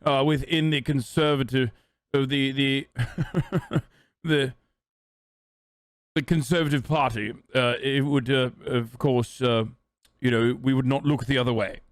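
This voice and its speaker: A man's voice: mid-range voice, fairly even intonation, measured pace, no room sound, studio quality, close to an everyday voice. A man voicing a pompous, evasive posh British Tory politician who rambles and hesitates.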